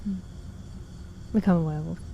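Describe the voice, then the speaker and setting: A woman's voice: on the low side, fairly even intonation, fairly quick, dull audio, a little hiss or hum. A woman streaming a game, chatting casually and self-deprecatingly while reading out her chat.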